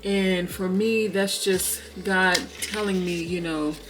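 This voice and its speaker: A woman vlogger talking casually and warmly to her viewers about her faith and plans, calling them "girl" and "y'all.". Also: lowish voice, steady tone, slow, music in the background. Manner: chatty and heartfelt, calls viewers "girl" and "y'all". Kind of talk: casual chat to camera.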